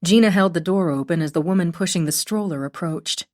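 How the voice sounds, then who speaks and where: A female audiobook narrator reading a mystery novel. Her voice is low and steady, and she tells the story in a measured, even way. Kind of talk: scripted narration.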